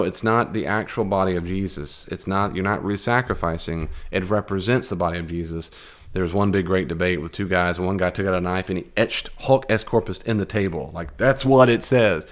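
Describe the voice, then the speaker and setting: A man teaching a Bible class in a conversational, animated way, with fillers and restarts. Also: sits low.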